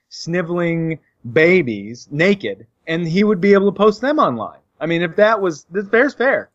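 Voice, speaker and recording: A man co-hosting a podcast, ranting sarcastically and halting with many fillers. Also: fairly high pitch, dry recording. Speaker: podcast co-host. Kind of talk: casual opinionated banter. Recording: dull, dry lo-fi podcast audio.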